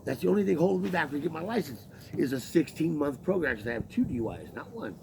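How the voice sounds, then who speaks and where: Man, casual venting story, gravelly, slightly high, profane and rambling, faint background hiss. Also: big pitch swings, quick pace. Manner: profane, rambling, acts out quoted exchanges. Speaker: laborer telling his story.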